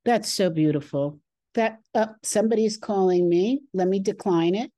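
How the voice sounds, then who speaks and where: A woman's voice: mid-range voice, mellow, dry recording. A woman hosting a podcast, speaking thoughtfully and with feeling as she reflects on her guest's story. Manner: slow, thoughtful, emotional. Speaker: podcast host. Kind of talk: reflective interview talk.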